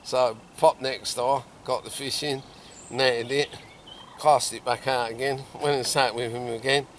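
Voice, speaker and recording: A middle-aged man, a carp angler, telling a fishing story outdoors by a lake in a lively, animated way with loud bursts. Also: mid-range voice, unhurried, slight background noise. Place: outdoors at a lakeside swim.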